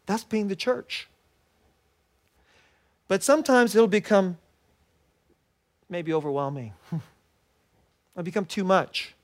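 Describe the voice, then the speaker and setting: A middle-aged man preaching a sermon as a pastor, animated and laughing often as he acts out what people say. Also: high voice. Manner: animated, laughs often, quotes himself in little voices.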